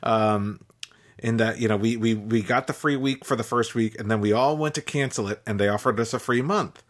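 A man's voice: medium pitch, brisk. A man co-hosting a podcast in casual chat, wry and laughing often between lines. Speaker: podcast co-host.

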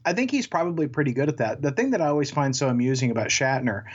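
A man with a husky, slightly breathy voice talks in a loose, rambling way, cracking jokes as he co-hosts a casual podcast. His sound comes through a remote call and is a little dull and muffled. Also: medium pitch, animated, very fast. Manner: chatty, rambling, jokey. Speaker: podcast co-host. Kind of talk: casual chat. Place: home in Texas.

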